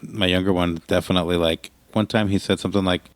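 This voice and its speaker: A man in his thirties talks in a very low, deep voice. He chats casually on a podcast, swearing freely. The sound is dry and close. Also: fairly even intonation, quick pace, no echo. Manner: laid-back, swears freely, says "like" and "dude" a lot. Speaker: podcast co-host. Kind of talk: casual chat.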